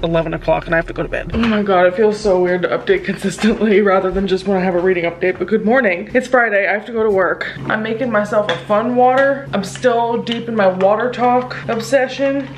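A woman's voice: medium pitch, quick pace, hardly any pauses, slight background noise, low-quality recording. Chatty young woman book vlogger. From Southern United States. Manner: chatty and candid, filler-heavy. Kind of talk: casual vlog chat.

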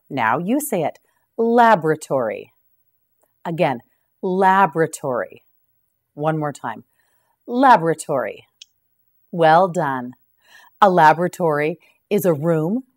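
Woman, vocabulary teacher, very slow, lowish voice, patient repetition drills. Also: a little mellow. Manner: patient, repeats each word with drills. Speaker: English teacher. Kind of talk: slow scripted vocabulary lesson.

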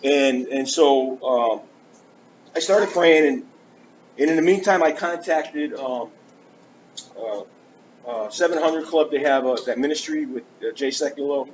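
A preacher with a mid-range voice shares his testimony unhurriedly, pausing often. He's earnest and animated in this storytelling sermon, acting out conversations along the way. Sound quality is a dull lo-fi church recording with faint hiss.

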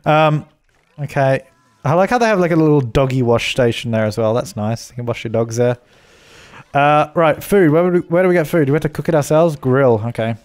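A man's voice: a little high, brisk, darkish tone. Chatty man narrating a life sim. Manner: chatty, laughing often, talking to his game characters. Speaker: let's play host. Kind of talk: casual gameplay commentary.

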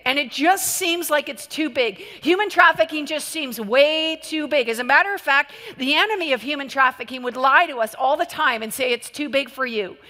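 A woman delivers a sermon in a high, bright voice and tells stories with animated energy and bursts of laughter. A long reverb trails her words around a large hall. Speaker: preacher. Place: church hall.

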